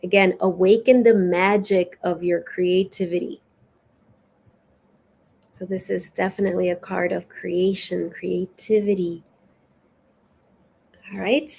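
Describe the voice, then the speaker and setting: A woman hosts a live spiritual session in a relaxed, chatty way. She reads oracle cards aloud with an expressive, lilting delivery. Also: lowish voice, slow, vocal fry, pauses often, slightly rough. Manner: warm, chatty, lilting and expressive, with soft laughs. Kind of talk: casual live-stream chat and oracle card reading.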